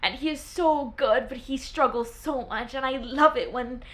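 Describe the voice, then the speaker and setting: A young woman chatting casually as a book vlogger, gushing and excitable about her favorite reads. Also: sits high, moderate pace.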